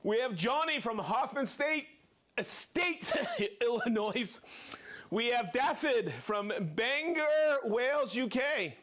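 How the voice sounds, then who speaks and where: A man hosts a live show and calls out viewers one after another, whooping and joking as he goes. His voice sits high and swings widely in pitch. The delivery is exuberant and playful throughout. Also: animated, slow, fairly bright tone. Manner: exuberant, playful, whoops and jokes between names. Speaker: host of a live product show. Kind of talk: live-stream viewer shout-outs.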